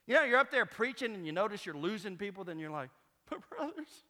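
Impassioned high-voiced preacher in a big hall. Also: male voice, lively intonation, fast. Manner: swings from quiet teaching to loud impassioned preaching. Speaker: pastor. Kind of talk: sermon. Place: church sanctuary.

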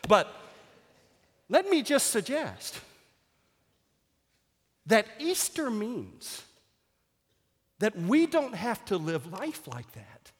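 A man delivers a sermon as pastor in a church sanctuary. His voice sits high and moves with animated swings of pitch. He mixes wry, self-mocking humor with loud, exclaimed declarations, and a long hall reverb trails every phrase. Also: drawn-out words, pauses often, breathy edge.

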